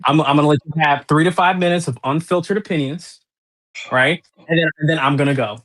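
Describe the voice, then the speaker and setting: Male stream guest, quick and matter-of-fact, slightly high-pitched. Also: fairly bright tone, poor audio.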